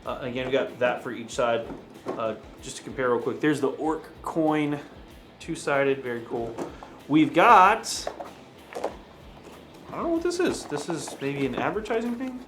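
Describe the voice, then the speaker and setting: A man's voice: medium pitch, very animated, normal speed, fairly bright tone, faint music behind. A man hosting an unboxing, chatting casually, chuckling and thinking aloud as he goes. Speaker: host.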